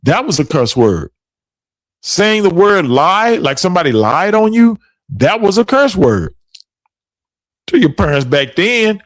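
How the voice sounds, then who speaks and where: A man's voice: sits high, sing-song, a little slow, pauses often, dry recording. A middle-aged man hosting a podcast, telling stories in a casual chat and laughing often. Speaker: podcast host.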